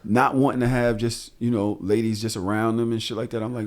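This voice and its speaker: A man's voice: fairly low pitch, fairly quick. Profane storytelling man. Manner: loose, profane storytelling with animated asides. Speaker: podcast co-host. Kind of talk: casual podcast chat.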